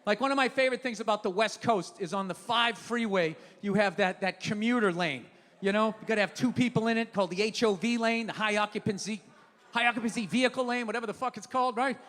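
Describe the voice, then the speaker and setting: Male stand-up comic, profane rant, high loud voice, long hall reverb, roaring crowd. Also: quick pace. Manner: profane ranting, loud outbursts. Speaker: stand-up comedian. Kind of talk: stand-up comedy. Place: comedy venue stage. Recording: live show in a large hall with audience.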